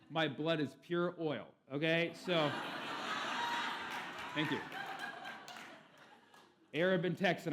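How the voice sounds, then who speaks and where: A man's voice: a little high, fairly bright tone. A young man doing a stand-up comedy talk on a conference stage, with a punchy, playful delivery full of puns.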